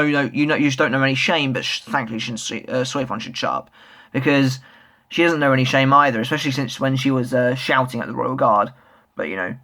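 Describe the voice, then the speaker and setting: A man's voice: medium pitch, a bit bright. A young man reviewing a manga chapter in a casual, rambling way, full of fillers and restarts, speaking as an eager fan. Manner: enthusiastic fan.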